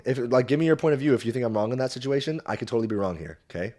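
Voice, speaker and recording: A man's voice: mid-range voice, very fast. A young man telling a story on his podcast in a casual, rambling way, swearing freely and often saying "like" and "um". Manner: animated, profane, rambling with frequent fillers. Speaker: podcast host.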